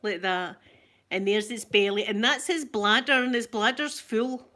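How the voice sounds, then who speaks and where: A middle-aged Scottish woman hosting a casual livestream chat, excitedly gushing and greeting viewers by name. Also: fairly high pitch, a little slow. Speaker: ASMR livestream host.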